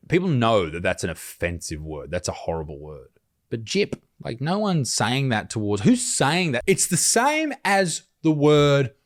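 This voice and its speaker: Blunt, sarcastic man, lively voice. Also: mid-range voice. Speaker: commentary host. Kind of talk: reaction commentary.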